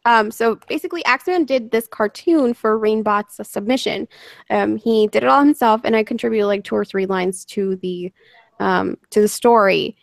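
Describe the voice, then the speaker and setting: A woman's voice: medium pitch, normal speed, vocal fry, no room sound. A woman who narrates stories online, chatting casually and telling stories with frequent laughter. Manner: chatty storyteller, laughs often. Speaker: narrator and podcast guest. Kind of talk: casual chat.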